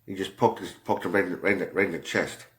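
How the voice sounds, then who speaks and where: A man telling a rambling story in a casual way, halting often, with many fillers and restarts and a lot of swearing. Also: low-pitched, fairly bright tone. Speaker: commentator.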